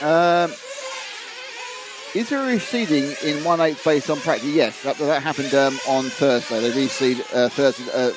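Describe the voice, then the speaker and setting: A man's voice: fairly high pitch, noisy background. A man doing live commentary on a model car race, chatty and reading out viewer comments.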